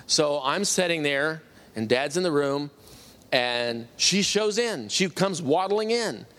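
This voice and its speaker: A middle-aged man telling a personal faith testimony, animated and acting out the people he quotes. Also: a little high, takes it slowly. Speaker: testimony speaker.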